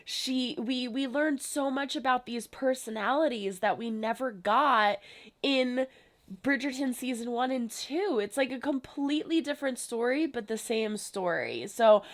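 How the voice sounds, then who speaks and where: A woman's voice: on the high side, a little slow. Gushing young woman reacting to a show. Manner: gushing, effusive, frequent "like" fillers. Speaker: reaction channel host. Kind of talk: casual reaction commentary.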